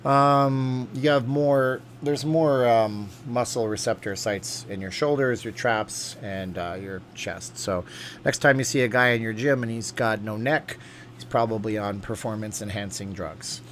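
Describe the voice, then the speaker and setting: A man talks casually into a desk mic, hosting a livestream from home and reading viewers' comments aloud. He rambles with plenty of ums and uhs at an ordinary middle pitch. A faint hum sits behind his voice. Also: steady tone, unhurried, fairly bright tone. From USA. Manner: rambling, reads comments aloud, many fillers. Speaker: livestream host reading chat.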